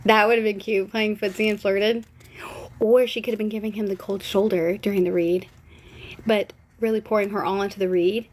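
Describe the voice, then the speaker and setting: A young woman hosts a casual live stream, gossiping and speculating in a playful, cheeky way as she answers viewer comments. Her medium-pitched voice is darkish and flat, at a moderate pace.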